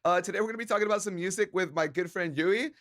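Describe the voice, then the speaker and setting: Tipsy, joking male streamer, high voice. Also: very fast, a bit bright. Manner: loose, joking, profane, slips into Spanish words. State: a little drunk. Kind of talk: casual drunk stream chat reading chat aloud.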